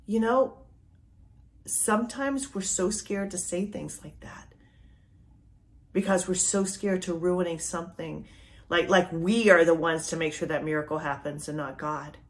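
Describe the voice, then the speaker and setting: A middle-aged woman, a life coach hosting a faith podcast, gives a motivational talk that moves between loud urging and a soft, almost whispered hush. Her voice is fairly low and steady, and she speaks a little slowly.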